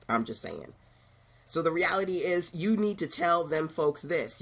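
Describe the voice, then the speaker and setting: A middle-aged Brooklyn, New York woman with a deep, slightly bright voice and lively intonation delivers a motivational monologue as an online business coach. She speaks unhurriedly but emphatically, repeating herself and tossing in laughing asides.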